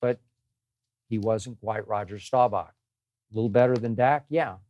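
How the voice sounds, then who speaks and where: A man's voice: lowish voice, normal speed, no echo, lo-fi sound. An older man hosting his own sports show, delivering an emphatic, exasperated opinion monologue and repeating phrases for effect. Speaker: host.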